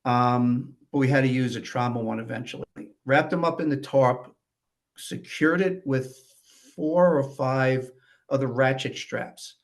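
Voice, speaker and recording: A New York man with a mid-range voice, speaking a little slowly, appears as a podcast guest. In casual conversation he tells stories from death investigations in a matter-of-fact way, often adding "you know."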